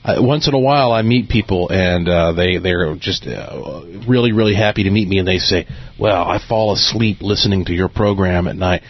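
A man hosting a late-night radio talk show in a chatty, relaxed way, laughing often, talking into a studio microphone. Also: low voice, moderate pace, few pauses, dry recording, highs cut off.

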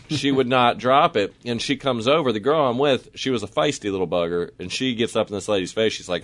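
Radio host, man, animated storyteller, dry booth sound. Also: brisk, no room sound. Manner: lively storyteller, acts out voices with big pitch jumps.

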